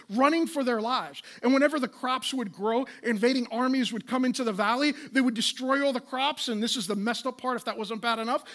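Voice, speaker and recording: A pastor in his late thirties preaching a sermon in a conversational, impassioned way, with rhetorical questions and quick restarts. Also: very high-pitched, a bit bright.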